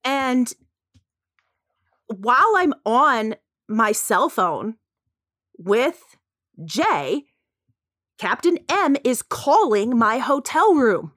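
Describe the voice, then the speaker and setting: Animated woman telling a story on a podcast. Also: on the high side, extremely slow, pauses often, dry recording, studio quality. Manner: animated, full of "like" and sighs, acts out quotes. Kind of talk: casual storytelling chat.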